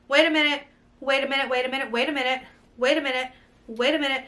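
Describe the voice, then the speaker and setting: A young woman, gushing breathlessly through an excited unboxing vlog. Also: high voice, fast talker. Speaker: beauty vlogger.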